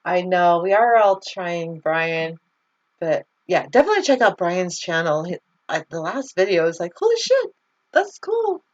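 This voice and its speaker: A woman with a lowish voice hosts a casual livestream, talking at a normal speed as she chats loosely, laughs often, and reads viewer comments aloud. It's over a video call, and the audio is slightly muffled.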